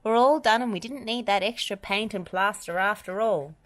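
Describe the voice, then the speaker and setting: A woman's voice: medium pitch, moderate pace, a little hiss or hum, voice pushed up, close to an everyday voice. A woman doing a cheerful male builder.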